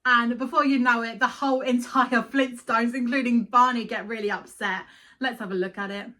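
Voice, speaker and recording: A woman's voice: a little high, fairly even intonation, normal speed, sharp tone. A woman hosting a casual cartoon review, chatty and emotional, often giggling. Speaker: video host.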